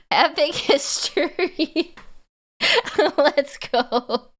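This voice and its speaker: A woman's voice: high voice, a bit bright. A woman streamer chatting casually and giggling as she sets up a reaction video. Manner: giggly, self-teasing, chatty.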